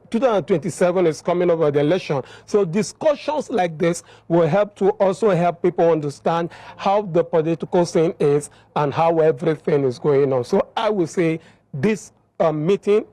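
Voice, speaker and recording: A man's voice: high-pitched, warm tone, no echo. A man, an NGO representative answering a reporter's questions in an insistent way and repeating key words for emphasis. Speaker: NGO representative interviewed at a town hall. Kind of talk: earnest on-the-spot interview answers.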